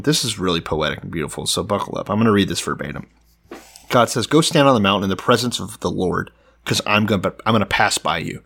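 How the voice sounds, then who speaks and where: Low-voiced man reading scripture casually. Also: expressive, quick pace, vocal fry, fairly bright tone, breathy edge. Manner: reads scripture aloud, joking and profane. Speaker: podcast co-host. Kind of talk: casual irreverent Bible discussion.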